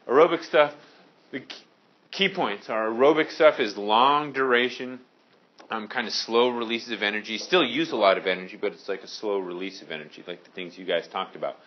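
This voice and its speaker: Male high school science teacher, lowish voice, casual classroom lecture, muffled lo-fi sound. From Maine. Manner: casual, joking with students.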